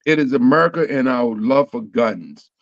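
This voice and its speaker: A man's voice: mid-range voice, expressive, moderate pace, dry recording. Rambling man on a dull dry line. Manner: rambling, full of fillers and restarts. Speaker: comedian guest. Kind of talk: casual panel chat.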